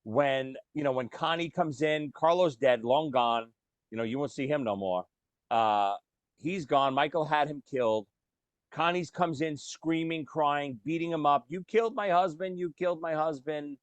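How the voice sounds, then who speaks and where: A man's voice: on the high side, unhurried, clean tone, dry recording. A man co-hosting a casual podcast, talking animatedly about films and acting out lines. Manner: animated, swears casually, acts out movie lines. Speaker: podcast co-host. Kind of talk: casual chat.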